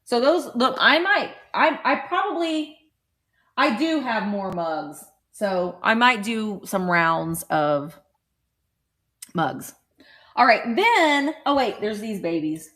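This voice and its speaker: A middle-aged woman hosting a casual live stream, chatting with viewers and getting excited over small cute items. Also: on the high side, slow pace. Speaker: vintage reseller hosting a livestream.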